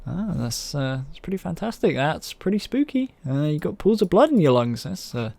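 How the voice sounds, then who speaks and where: A man's voice: on the high side, sing-song, moderate pace, gravelly, mellow, in a large hall. A man doing comedic, mock-spooky readings of horror-themed stories as a gaming YouTuber.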